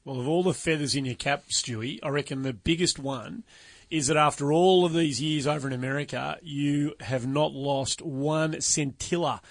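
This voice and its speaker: A man's voice: on the high side, moderate pace, no echo. A man hosting a golf podcast, matey and full of compliments for his guest. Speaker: podcast host. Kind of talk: casual interview chat.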